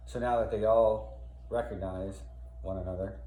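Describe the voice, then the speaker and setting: A man's voice: fairly low pitch, steady tone, normal speed, mellow, faint music behind. A male teacher walking through a play scene by scene, paraphrasing the lines in casual, plain words. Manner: reads lines aloud, then paraphrases in plain slang. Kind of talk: casual literature lesson, explaining a play scene by scene. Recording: echoey room, faint background noise.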